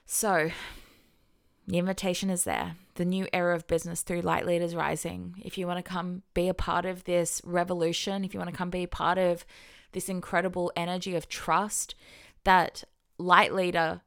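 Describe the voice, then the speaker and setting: A woman's voice: on the low side, little pitch movement, normal speed, vocal fry. A woman hosting a podcast, talking alone to her listeners in a casual, emphatic way, swearing freely and acting out inner voices in quotes. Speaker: podcast host, business coach. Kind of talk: solo podcast monologue.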